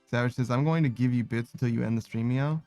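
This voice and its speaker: A man's voice: mid-range voice, quick pace, mellow, no echo, soft background music. A tired man live-streaming, casually reading out viewer messages and ending nearly every sentence with "meow," laughing and swearing along the way. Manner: laid-back, tired, laughs and swears often.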